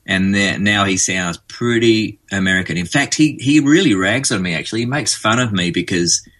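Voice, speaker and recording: An Australian man telling stories as an interview guest, in a low, rather bright voice. He talks in a relaxed, rambling way, with plenty of ums and asides. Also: normal speed. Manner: easygoing, rambling storyteller with fillers. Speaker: musician guest. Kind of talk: casual interview chat.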